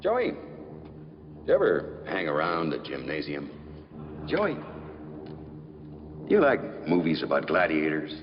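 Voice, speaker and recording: Clip: man playing a deep-voiced film pilot quizzing a kid, noisy lo-fi sound in a reverberant hall. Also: wildly swooping pitch, slow, long pauses, exaggerated voice. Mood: leering.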